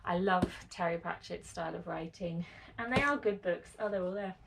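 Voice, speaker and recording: A woman with a lowish, gravelly voice vlogs at a normal speed, chatting casually to camera in a rambling way full of fillers and restarts. There's background noise, and part of it is filmed from a small lean-to shed.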